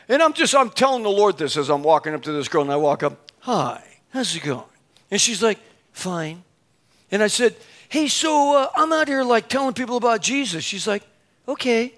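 Animated high-voiced preacher in his fifties. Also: normal speed. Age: 50s. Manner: animated, acts out both sides of dialogue, laughs at himself. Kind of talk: storytelling sermon.

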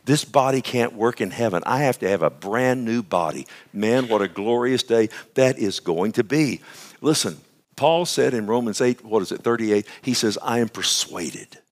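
A man's voice: mid-range voice, animated, moderate pace, soft background music. A male pastor giving a radio sermon, fervent and emphatic, often turning to his listeners with "amen?" and "listen".

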